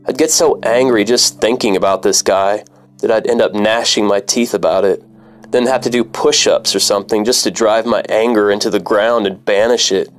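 Brief: low-pitched male storyteller, wry and profane, faint music underneath. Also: fairly even intonation, normal speed. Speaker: former cab driver. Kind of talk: personal story narration.

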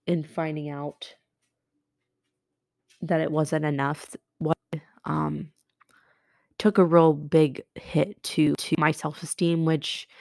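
Podcast host, woman, nurse; low voice with vocal fry, emotional and halting, dry close sound. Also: darkish tone, no room sound. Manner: emotional, halting, many restarts and fillers. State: close to tears. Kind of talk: personal confessional podcast monologue.

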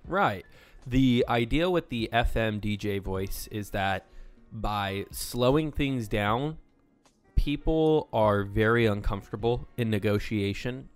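A man co-hosting a casual podcast, explaining sales and negotiation ideas with lively inflection. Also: fairly low pitch, slow pace, clear, resonant tone, faint music behind. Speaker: podcast co-host.

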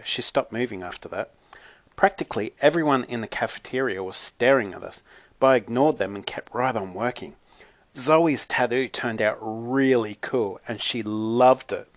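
A man's voice: mid-range voice, dry recording. A man narrating a first-person children's storybook in a chatty, wry manner. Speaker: audiobook narrator.

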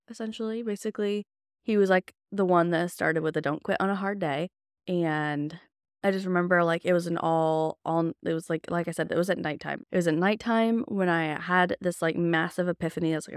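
A woman's voice: fairly low pitch, normal speed, smooth, no room sound, clean studio sound. A young woman hosting a podcast, telling a personal story in a candid, chatty way full of casual fillers. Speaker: podcast host.

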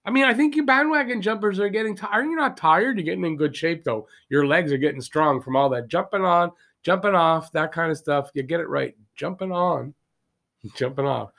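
A man with a high, gravelly voice rants through a solo hockey podcast. He argues heatedly and keeps throwing rhetorical questions at his listeners. His voice has a rough fry at the bottom. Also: brisk, a bit bright. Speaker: podcast host. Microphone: podcast mic, also filmed for video.

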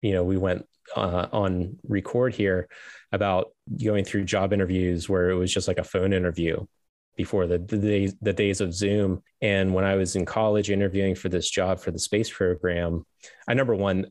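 A man's voice: sits low, little pitch movement, normal speed, a little mellow, dry recording. A middle-aged man, a podcast guest, telling a long personal story in a rambling way, correcting himself and chuckling as he goes. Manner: rambling, self-correcting, laughs as he tells stories.

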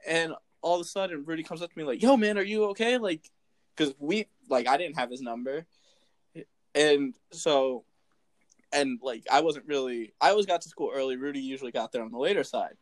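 A man with a fairly high voice tells a story in casual chat. He is lively and animated, and he slips into the voices of the people in his tale as he goes. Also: normal speed. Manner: lively, acts out quoted voices. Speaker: storyteller recounting a school memory.

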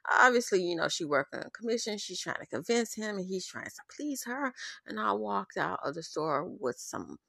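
A woman's voice: medium pitch, sing-song, normal speed, creaky, bright, forceful tone, no room sound, clean studio sound. A woman podcast host telling a personal story in a candid, profane, openly angry way.

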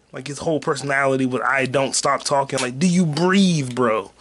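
A man hosting a podcast, ranting casually and profanely about a heckler, repeating himself and swinging between low mutters and shouts. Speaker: podcast host and stand-up comic. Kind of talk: casual rant.

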